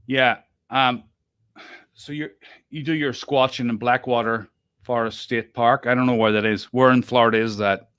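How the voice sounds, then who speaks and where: A chatty man hosts a casual podcast conversation, often breaking off mid-thought and laughing along. His voice has a bright, forceful edge, recorded dry and close with almost no room sound. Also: medium pitch, steady tone, normal speed, smooth, no room sound. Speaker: podcast host. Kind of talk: casual group chat.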